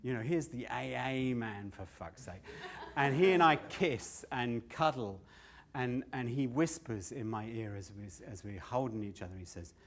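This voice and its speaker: A stand-up comedian telling a long rambling story at a live show, swearing freely and often laughing at himself. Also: male voice, medium pitch, moderate pace, few pauses.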